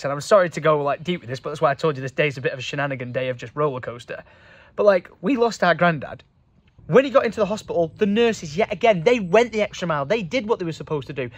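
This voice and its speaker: Young male vlogger, emotional and earnest, fairly high voice. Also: dry recording. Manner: emotional, earnest, with many fillers. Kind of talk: casual vlog talk to camera.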